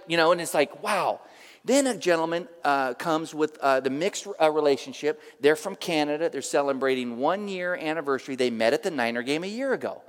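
A middle-aged pastor from the San Francisco area, USA, preaches a sermon full of animated personal stories, telling them emphatically and at a brisk pace. His voice is notably high for a man, and the long reverb of a church sanctuary surrounds it.

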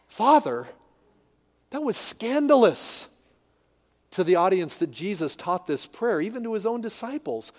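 A man's voice: a little high, very animated, normal speed. A man preaching a sermon as pastor, emphatic, repeating key words and asking rhetorical questions. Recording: long hall reverb.

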